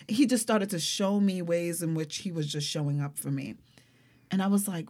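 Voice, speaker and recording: A young adult woman speaking as an interview guest, telling a personal story in an animated, expressive way and often saying "like". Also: fairly low pitch, moderate pace. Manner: animated, expressive, frequent fillers like "like".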